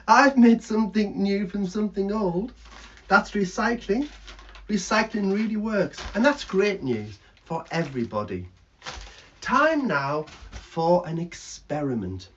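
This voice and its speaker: A man's voice: sits high, very animated, takes it slowly, a little hiss or hum. A man presenting a recycling show to schoolchildren, playful and teacherly, talking straight to the kids. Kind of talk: children's stage show patter. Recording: dull lo-fi recording.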